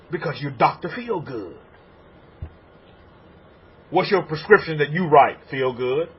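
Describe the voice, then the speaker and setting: A man preaching a sermon as a rabbi, animated and repetitive. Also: a little high, moderate pace, pauses often, breathy edge, muffled recording. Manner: animated preaching, acts out congregants' voices.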